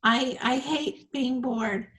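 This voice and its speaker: A woman's voice: high voice, fairly even intonation, takes it slowly, fairly bright tone. A woman in her sixties hosting a faith talk interview, telling her story earnestly, repeating words as she goes. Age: 60s. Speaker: show host.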